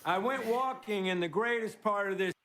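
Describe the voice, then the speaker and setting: A man in his sixties delivering a relaxed, self-mocking stand-up monologue, pausing for laughs. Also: high voice. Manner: laid-back, self-mocking joke delivery with pauses for laughs. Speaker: guest monologue host on a comedy show. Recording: studio audience, crowd and noise behind. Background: audience laughter.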